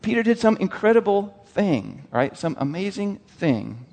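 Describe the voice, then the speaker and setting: A man delivers a sermon, animated and questioning his listeners. His voice sits a little high. The sound rings with a long hall reverb. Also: normal speed. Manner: animated, asks the crowd questions, lively quoted voices. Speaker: preacher.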